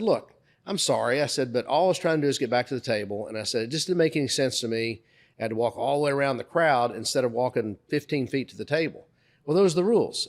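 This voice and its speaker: A middle-aged man co-hosting a podcast, telling a story in casual conversation and acting out the dialogue. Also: medium pitch. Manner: animated anecdote teller, acts out dialogue. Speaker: podcast co-host.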